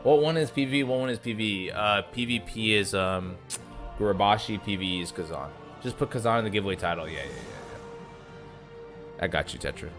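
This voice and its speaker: A man's voice: on the low side, expressive, brisk. A young man from the US East Coast, a streamer chatting casually and swearing as he reads chat aloud. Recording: faint music behind.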